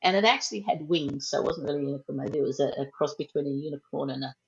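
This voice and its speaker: A woman guest on a podcast telling a deeply personal story in a soft, slow, heartfelt way, often trailing off. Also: gravelly, highs cut off. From Australia.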